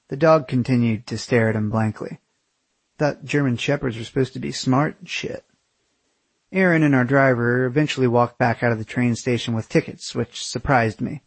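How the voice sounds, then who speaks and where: A man's voice: mid-range voice, normal speed, creaky, husky, no room sound. A young man narrating his own travel memoir aloud in a sardonic, self-mocking and profane way.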